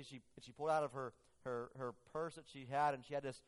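A man preaching a sermon and telling a story, earnest and halting, often restarting his phrases. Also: mid-range voice, steady tone.

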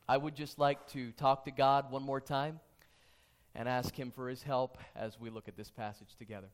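A man's voice: mid-range voice, level tone, moderate pace. A pastor preaching a sermon and reading scripture, earnest, often repeating his questions and restarting phrases. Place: church sanctuary.

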